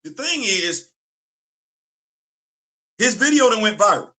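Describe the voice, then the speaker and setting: Guy with ranting about fandom stuff, bright edgy voice, kinda high, repeats himself for emphasis. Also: big pitch swings, takes it slowly. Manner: emphatic, repeats phrases for effect. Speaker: commentary channel host. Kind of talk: casual opinion commentary.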